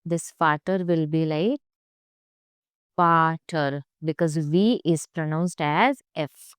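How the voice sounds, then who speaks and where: Slow-speaking woman teaching German sounds. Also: sits low, clear, resonant tone, no echo, clean studio sound. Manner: slow, careful, repeats sounds for learners. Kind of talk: pronunciation lesson.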